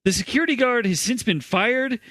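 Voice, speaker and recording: A man's voice: very high-pitched, expressive, brisk, fairly bright tone, no echo. A man co-hosting a comedy podcast, reading out odd news stories with dry asides. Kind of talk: casual comedy chat.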